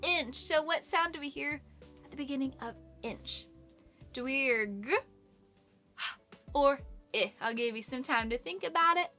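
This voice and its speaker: A woman's voice: high-pitched, measured pace, long pauses, bright, forceful tone, faint music behind. A young woman teaching a children's phonics lesson, encouraging and sing-song, praising often.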